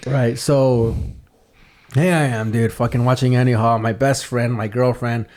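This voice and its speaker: A man's voice: mid-range voice, fairly even intonation, measured pace, a little mellow. A young man telling a long personal story on a podcast, casual and rambling, swearing often and restarting his sentences. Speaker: podcast host.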